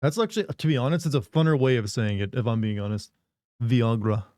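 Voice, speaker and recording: A man's voice: medium pitch, animated, quick pace, darkish tone, no echo. A man hosting a live stream, joking and rambling in casual banter with his chat on a close desk mic. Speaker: livestream host.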